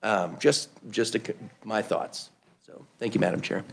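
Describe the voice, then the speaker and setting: A man's voice: lowish voice, moderate pace, gravelly. A man on a legislative committee thinking aloud as he makes his point, with hesitant restarts. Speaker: committee member. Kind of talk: committee remarks.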